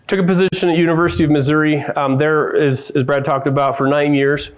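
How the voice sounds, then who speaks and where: A middle-aged man giving a conference keynote, telling family stories with lively quoted voices. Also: a little high, quick pace. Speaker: keynote speaker. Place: conference hall.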